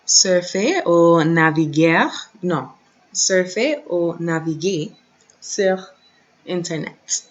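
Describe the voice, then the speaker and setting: A woman teaching a recorded online lesson, repeating each word slowly and carefully for practice, speaking into a computer mic at her desk. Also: on the low side. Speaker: French teacher. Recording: dull, slightly lo-fi recording.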